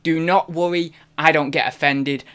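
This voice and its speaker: A man's voice: fairly high pitch, steady tone, moderate pace, a bit bright, clean tone. A man hosting a live stream, chatting casually in a rambling, self-deprecating way. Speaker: reselling streamer host.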